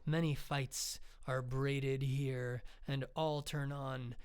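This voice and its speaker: A man's voice: medium pitch, level tone, a little mellow, clear, resonant tone, natural voice. A man voicing the solemn spider blood tree. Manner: slow, measured, chanted verse.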